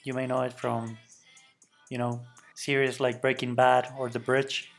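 A mid-pitched man in his thirties with a Mexican Spanish accent talks as a podcast guest. He speaks earnestly, with small hesitations, over faint music. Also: monotone, a little slow, creaky. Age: 30s.

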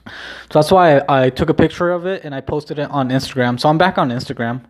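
A young adult man rambles casually in a vlog, halting and restarting often with plenty of ums. His voice is a little high, and he swears casually in a subdued, self-deprecating way.

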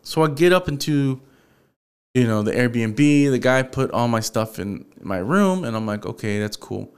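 A man with a smooth, clear voice talks through a story on his own podcast. His pitch sits in an ordinary middle range. He swears freely and keeps slipping into quoted back-and-forth dialogue. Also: moderate pace. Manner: profane, animated, acts out quoted dialogue. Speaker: podcast host. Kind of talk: casual solo storytelling.

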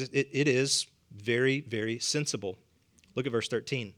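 A man's voice: medium pitch, normal speed, fairly bright tone. A man with a Southern US accent preaching a sermon, humorous and conversational, chuckling often. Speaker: pastor.

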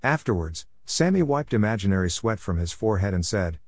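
A man narrating a storybook in a steady, plain reading voice. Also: lowish voice, a little fast, few pauses, no echo, clean studio sound.

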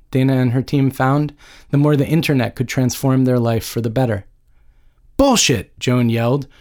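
A man's voice: medium pitch, darkish tone. A man reading a novel aloud as an audiobook narrator, with a dry, wry storytelling manner. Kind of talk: scripted narration.

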